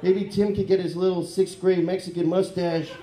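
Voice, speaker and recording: A man works through a crude, rambling stand-up set on a comedy club stage, and his voice sits a little high for a man. He keeps breaking into loud mock voices. The handheld mic picks up an echoey room around him. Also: level tone, normal speed.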